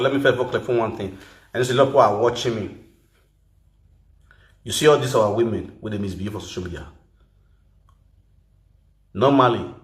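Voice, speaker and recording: A man with a Nigerian accent giving an animated, mocking rant to camera, mixing Pidgin and local words and laughing as he goes. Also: medium pitch, reverberant. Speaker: social media personality.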